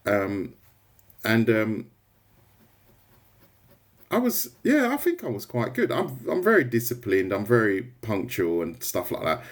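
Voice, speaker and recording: A man talks on his art livestream in an easy, rambling way. His voice sits slightly low, and he keeps breaking off to greet viewers. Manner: rambling, chatty, answers viewer comments. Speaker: artist livestreamer. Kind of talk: casual livestream chat while drawing.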